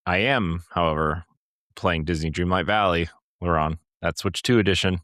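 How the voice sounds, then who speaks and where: A young man with a low, deep voice co-hosts a gaming podcast, rambling cheerfully and piling on fillers as he goes. The sound is dry and close, with no room around him. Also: normal speed, dry recording. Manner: rambling, animated, full of fillers. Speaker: podcast co-host. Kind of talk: casual chat.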